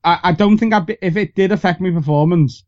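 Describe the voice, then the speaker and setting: A man's voice: high-pitched, fast talker, a little mellow, dull audio. A young man with a Liverpool accent, a comedian chatting candidly as a podcast guest, rambling and self-deprecating. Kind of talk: casual podcast chat.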